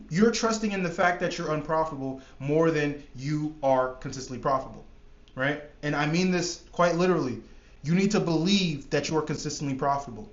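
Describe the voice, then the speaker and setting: Man, high voice, emphatic motivational coach, casual swearing, echoey dull-sounding room. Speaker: trading coach. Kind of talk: motivational monologue.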